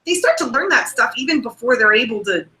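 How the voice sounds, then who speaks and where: High-pitched bright woman, earnest, echoey room, lots of restarts. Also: animated, quick pace, faint music behind. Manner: earnest, explanatory, many restarts. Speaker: guest on a parenting show. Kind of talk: casual video call chat.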